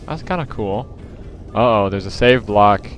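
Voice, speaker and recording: A man's voice: fairly low pitch, animated, measured pace, fairly bright tone, lo-fi sound, faint music behind. A man giving casual gameplay commentary as a let's play host, rambling with lots of fillers and self-corrections.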